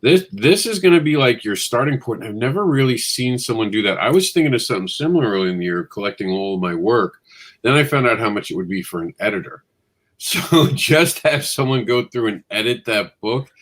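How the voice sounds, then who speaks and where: A man hosting a casual chat, joking and excitable, quick to mock himself. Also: medium pitch. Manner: joking, excitable, self-mocking. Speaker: host.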